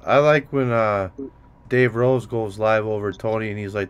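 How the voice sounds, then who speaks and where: A man's voice: fairly low pitch, normal speed, clean tone. A man hosting a casual profane chat show with a Minnesotan accent, rambling and laughing as he mocks others. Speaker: host.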